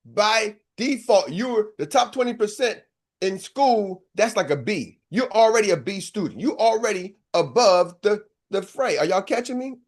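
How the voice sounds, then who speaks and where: Coaching a live seminar, an older business coach whose voice sits high delivers punchy, energetic talk and keeps tossing rhetorical questions to the crowd.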